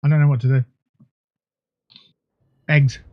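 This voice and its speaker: A man's voice: medium pitch, level tone, unhurried, dull audio. A man hosting a livestream, talking in a rambling, crude, jokey way while he plays a game. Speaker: livestream host. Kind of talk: casual gaming livestream chat.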